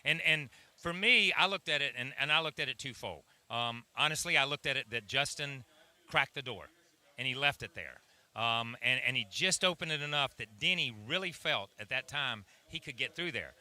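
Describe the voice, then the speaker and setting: Middle-aged male racing analyst cohost, very bright timbre, animated and emphatic. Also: medium pitch, normal speed, no room sound. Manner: animated, emphatic explaining with restarts. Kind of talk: casual studio chat.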